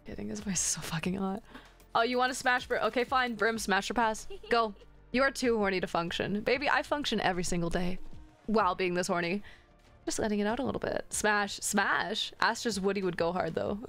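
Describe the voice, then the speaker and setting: A woman's voice: mid-range voice, a little fast, a bit bright, faint music behind. A woman streamer chatting casually with her viewers while gaming, joking in a playful, crude and flirty way.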